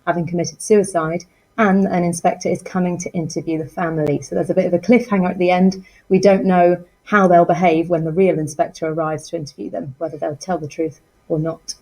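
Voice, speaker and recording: A woman teacher calmly explaining a set text in a casual revision lesson, chiming in to support her colleague. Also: lowish voice, brisk, low-quality recording. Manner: calm, supportive, chiming in briefly. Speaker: English teacher.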